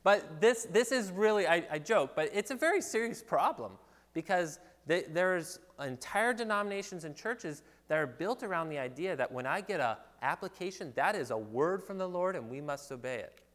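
A man's voice: high-pitched, lively intonation, moderate pace, a bit bright. A man preaching a sermon to his congregation in an earnest, conversational way, joking at times and restarting sentences. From California, USA. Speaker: pastor. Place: church sanctuary. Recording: long hall reverb.

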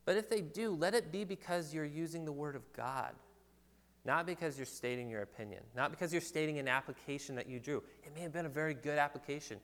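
A man preaching a sermon to his congregation in an earnest, conversational way, joking at times and restarting sentences. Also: on the high side. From California, USA. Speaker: pastor. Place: church sanctuary. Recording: long hall reverb.

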